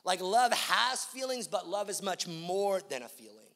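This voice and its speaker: A man preaching a sermon as pastor, swinging from hushed lines to loud, emphatic repetition and asking the congregation direct questions. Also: high voice, big pitch swings, a little slow, vocal fry, in a large hall. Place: large church auditorium.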